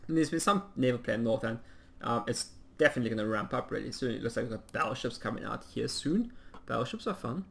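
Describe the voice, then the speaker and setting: A man giving casual play-by-play commentary on a strategy game, chatty and rambling with plenty of ums, and quick to poke fun at himself. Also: medium pitch, expressive, vocal fry, a bit bright. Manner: self-mocking humor. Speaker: game caster.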